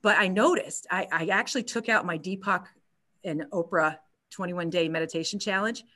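A woman yoga instructor telling a story in a casual interview, chatty and animated with many restarts. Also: fairly low pitch, moderate pace.

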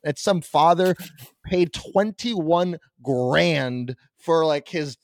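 A man's voice: a little high, very slow, no room sound, studio quality. A young man ranting profanely on a casual podcast, mocking people he dislikes in squealing put-on voices. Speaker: podcast host.

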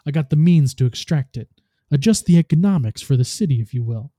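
Scheming robot ghost voiced by a man, smooth bargaining talk, very dark mellow tone, dry close sound. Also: a little high, expressive, a little fast, no room sound.

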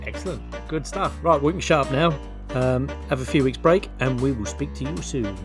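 A man's voice: medium pitch, moderate pace, music in the background. A man co-hosting a podcast, chatting casually and telling short jokes. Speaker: podcast co-host. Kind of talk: casual chat.

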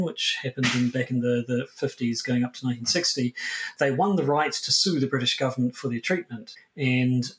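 A man hosting a podcast, explaining a history topic in a casual, hesitant way with frequent restarts. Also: mid-range voice. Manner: hesitant, many restarts and fillers. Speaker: podcast host.

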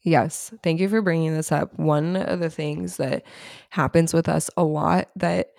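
Woman, 30s, podcast co-host, gravelly, chatty storyteller, dry close sound. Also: sits low, steady tone, measured pace, a little mellow, dry recording. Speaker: parent of a child with diabetes. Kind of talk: casual chat.

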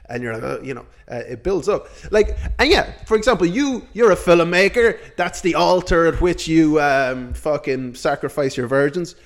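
A man's voice: a little high, moderate pace, few pauses. A man co-hosting a casual comedy podcast, teasing and sarcastic, swearing freely. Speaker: podcast co-host.

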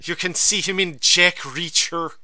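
Bright, clear-voiced male podcast host. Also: high voice, unhurried. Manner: animated, rambling storyteller. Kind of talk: casual chat.

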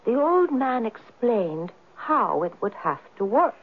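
A woman's voice: on the high side, sing-song, slow, a little hiss or hum, full character voice. An actress playing a young Irish woman telling a tale in a 1970s radio drama, with an Irish accent and an eager storytelling manner. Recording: narrow, tinny old radio broadcast.

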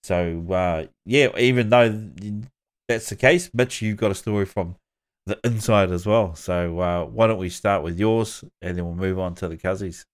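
A man hosting a casual family podcast chat, relaxed and laughing often. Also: low voice, normal speed, clean tone. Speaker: podcast host.

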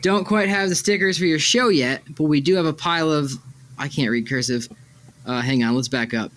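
A man's voice: on the high side, brisk, a bit bright. Easygoing young man rambling on a podcast. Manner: easygoing, rambling, self-deprecating. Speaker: podcast co-host. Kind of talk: casual podcast chat.

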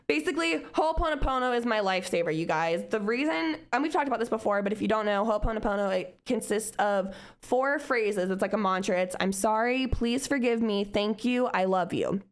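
A woman's voice: mid-range voice, brisk, hardly any pauses. A young woman co-hosting a podcast, speaking candidly in casual chat, swearing freely and acting out her past self with laughs. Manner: candid and profane, laughs between remarks; lively, acts out her past self in quotes. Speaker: podcast co-host.

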